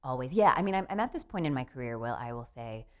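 A woman's voice: extremely low pitch, animated, fast, a little mellow. A woman, a playwright, chatting animatedly in an interview, laughing and restarting her sentences. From Southern United States. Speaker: playwright guest. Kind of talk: casual interview chat.

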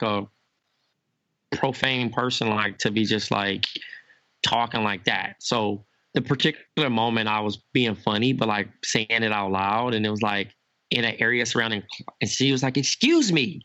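A young man, a podcast co-host, chatting casually and telling animated stories. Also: moderate pace, no room sound. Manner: animated storyteller, acts out quotes in a higher voice. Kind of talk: casual chat.

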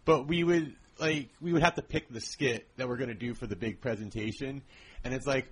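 A man's voice: medium pitch, brisk, fairly bright tone, slightly rough. A young man from Southern California chatting as a podcast guest, rambling with lots of fillers and restarts. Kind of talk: casual chat.

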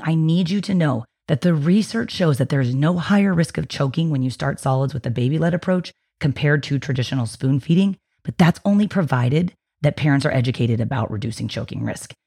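A woman's voice: darkish tone, husky. A woman hosting a podcast, chatting in a reassuring, explanatory way about feeding babies. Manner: chatty and reassuring, slips into a high sing-song baby voice for quotes. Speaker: podcast host, feeding specialist. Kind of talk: casual explanatory podcast talk.

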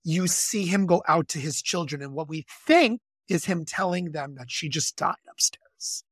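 An enthusiastic podcast co-host who teaches music, chatting about a film and rushing through asides. The delivery is gushing and animated. The recording is dry and close, with no room sound. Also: medium pitch, breathy edge, dry recording. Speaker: music educator and conductor. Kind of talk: casual film discussion.

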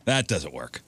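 Male radio host, low voice, bright tone, bouncy delivery, dry studio sound, joking banter. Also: husky. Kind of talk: casual morning radio banter.

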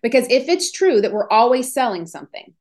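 A woman hosting a podcast, giving an energetic, emphatic motivational talk on business and selling. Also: fairly high pitch, brisk. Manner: energetic, emphatic, acts out inner voices. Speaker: podcast host.

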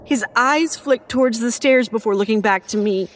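A woman narrating a first-person horror story in an expressive, measured storytelling manner. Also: a little high, slight background noise.

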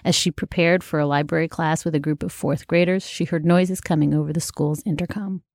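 A woman host narrates from a script in a measured, composed voice. Her pitch sits somewhat low, and the recording is dry and close. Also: steady tone, darkish tone, dry recording. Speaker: host, legal correspondent.

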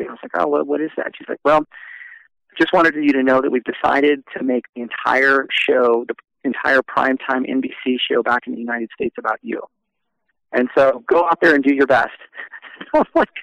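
A middle-aged man tells his own story in a relaxed, reflective way, pausing on fillers and restarting his sentences. His voice has a gravelly, creaky edge. The recording is dry and a little dull, lo-fi. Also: medium pitch, no room sound. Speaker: former Olympic gymnast telling his story. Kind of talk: personal storytelling interview.

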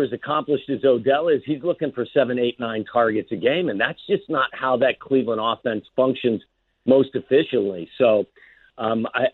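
A man's voice: medium pitch, breathy edge, no room sound. A man, a former wide receiver, talking football as a guest on sports radio in a plainspoken, earnest way. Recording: dry phone line.

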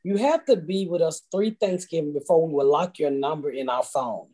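A woman's voice: low voice, fairly quick, dark tone. A middle-aged woman from the United States, a guest talking casually and telling stories bluntly, with plenty of profanity. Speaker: podcast guest. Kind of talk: casual chat.

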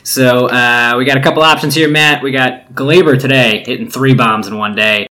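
A man's voice: medium pitch, steady tone, moderate pace, pushed and bright. A man co-hosting a casual sports podcast, talking in a laid-back, rambling way with lots of fillers. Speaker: podcast co-host.

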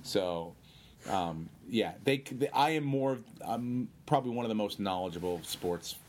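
A male comedian telling rambling, animated anecdotes in a casual interview. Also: on the low side, a little slow. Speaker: comedian guest.

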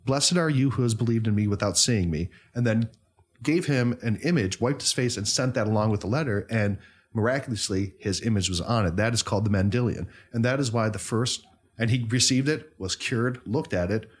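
A man co-hosting a podcast, telling history as an animated storyteller. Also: lowish voice, brisk, slightly rough. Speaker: podcast co-host.

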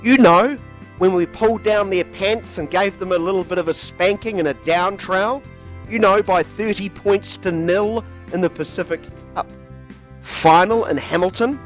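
A man's voice: high voice, normal speed, soft background music. A man delivering a sarcastic, scripted sports opinion piece full of mocking rhetorical questions. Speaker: sports commentator.

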